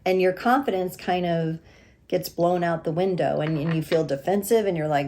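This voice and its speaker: A woman giving a gentle, reassuring tarot reading, speaking with pauses and restarts. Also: on the low side, steady tone, a little hiss or hum. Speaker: tarot reader.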